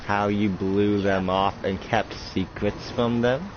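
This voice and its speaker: A man's voice: lowish voice, steady tone, music in the background. A man putting on a preachy Russian-accented ghost commander. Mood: accusing. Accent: put-on Russian. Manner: slow, lecturing and accusing. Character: ghostly male commander posing as a Russian leader, accusing and preachy. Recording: muffled lo-fi, loud noise.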